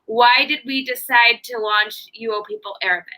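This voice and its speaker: A woman's voice: a little high, fairly even intonation, normal speed, bright, forceful tone, poor audio. A woman with a Chicago accent hosting a live online interview, upbeat and chatty with plenty of filler words. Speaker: interviewer and host.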